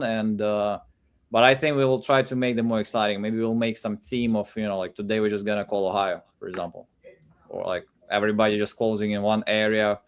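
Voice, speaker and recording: A man's voice: lowish voice, clean tone. A man hosting a casual live stream, rambling and repeating words as he thinks aloud. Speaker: livestream host.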